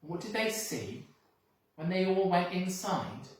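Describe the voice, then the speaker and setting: A school reader reading a picture book aloud with expressive, sing-song storytelling, recorded from a distance in an echoey room. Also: medium pitch, a little slow. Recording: echoey room, mic far off.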